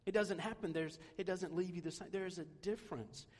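A man preaches in a relaxed, conversational way, dropping self-deprecating jokes between his points. His voice sits a little high for a man. The sound carries a long reverb, as in a church hall. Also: a little fast. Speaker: pastor. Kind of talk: sermon.

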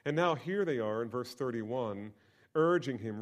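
A male pastor preaching a sermon, asking rhetorical questions and moving from quiet lines to emphatic ones. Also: mid-range voice, expressive, unhurried.

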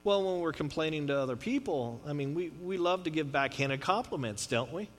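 High-voiced pastor in a reverberant hall. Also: male voice, lively intonation, brisk. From Texas. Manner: conversational, rambling preacher with frequent restarts and asides. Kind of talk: sermon. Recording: long hall reverb with mains hum.

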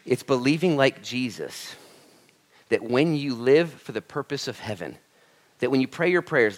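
A man's voice: medium pitch, normal speed. A man preaching as a pastor, talking energetically and conversationally to his congregation. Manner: energetic, conversational preaching with animated quoted asides. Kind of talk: sermon.

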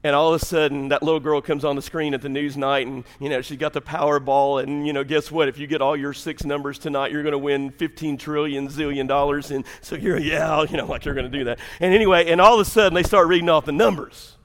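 A preacher with a rather high voice delivers a sermon in a church sanctuary. He lurches between shouting and hushed, almost whispered lines, often laughing at his own asides, while his voice rings out into long hall reverb. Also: steady tone, fast talker, few pauses. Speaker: pastor.

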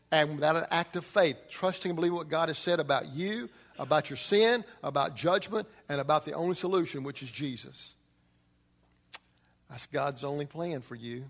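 A man preaching a sermon as pastor, emphatic, swinging from loud urgency to quiet intensity. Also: fairly high pitch, in a large hall.

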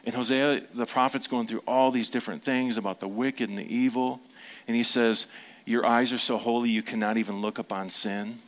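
A middle-aged male pastor preaching in a relaxed, conversational way. He speaks at a medium pitch, tells stories from his own family and keeps asking the congregation questions. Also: normal speed. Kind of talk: sermon.

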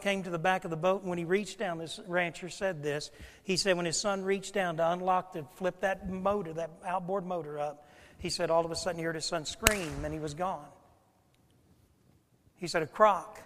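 A man preaching a sermon as pastor, moving from hushed storytelling to shouted passages. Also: high-pitched, big-room sound.

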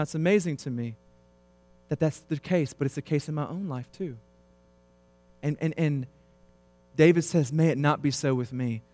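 A man in his thirties preaching a sermon, swinging between quiet, low stretches and loud, emphatic passages. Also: no room sound. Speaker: pastor.

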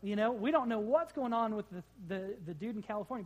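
A man's voice: sits high, expressive, fast, lo-fi sound. A man preaching a sermon in a church to a live congregation, talking casually and joking with the people in the pews, on a corded microphone. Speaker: pastor.

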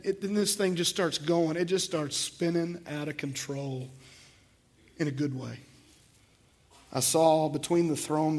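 Emphatic preaching man, higher voice. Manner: emphatic preaching with swells in volume, repeats words. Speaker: pastor. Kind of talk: sermon.

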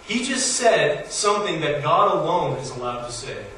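A pastor preaching a sermon. He tells stories in a casual, conversational way and pushes his emphasis higher as he builds each point. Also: very animated, normal speed, bright, forceful tone. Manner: storytelling, conversational with rising emphasis. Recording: very echoey hall, voice from far off, faint noise.

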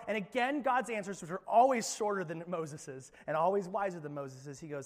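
Young guy pastor preaching, animated and playful, highish voice, big echoey church. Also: a little fast, few pauses. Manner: animated, dramatic, playful asides. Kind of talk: sermon.

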